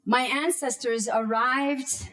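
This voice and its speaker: A woman in her thirties from Canada, telling a personal story on stage in a slow, deliberate way with dramatic pauses and acted-out shouts. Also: high voice, fairly even intonation.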